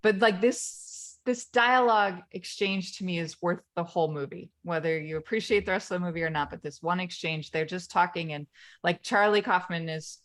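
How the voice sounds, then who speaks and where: A woman's voice: lowish voice, normal speed. A woman co-hosting a podcast, casually retelling a film scene with frequent laughs and restarts. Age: parent of children. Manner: rambling storyteller, laughs often, retells scenes. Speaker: podcast co-host. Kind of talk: casual conversation.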